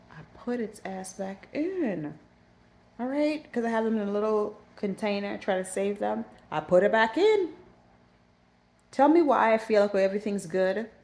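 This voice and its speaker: Low-voiced woman telling a story. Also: vocal fry. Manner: animated, repeats herself when recounting panic. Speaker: aquarium hobbyist vlogger. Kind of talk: casual storytelling.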